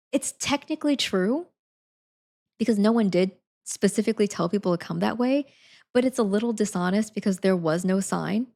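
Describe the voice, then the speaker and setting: A woman's voice: medium pitch, a little mellow. A woman in her twenties telling a story casually on a live stream, rambling with lots of fillers. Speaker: livestreamer.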